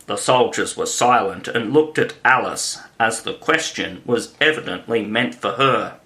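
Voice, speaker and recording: A man reading a classic children's story aloud as an audiobook narrator, in a measured, clear manner. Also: mid-range voice, expressive, a bit bright.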